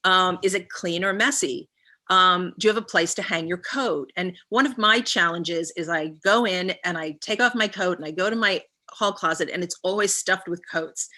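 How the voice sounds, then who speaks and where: A woman's voice: lowish voice, moderate pace, pushed and bright. A woman guest speaker on a live stream, leading a visualization with a long string of reflective questions and frequent ums.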